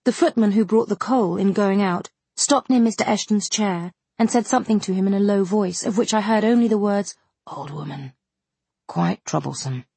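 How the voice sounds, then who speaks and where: Woman narrator, slightly husky, measured, dry close recording. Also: medium pitch, dark tone, no room sound. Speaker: audiobook narrator. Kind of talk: first-person novel narration.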